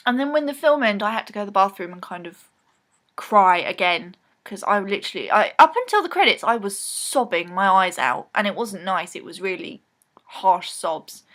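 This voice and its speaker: A woman's voice: mid-range voice, lively intonation, moderate pace, fairly bright tone. A woman talking casually to camera in a rambling film recap vlog, full of ums and restarts. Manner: rambling, chatty, lots of ums. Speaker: vlogger.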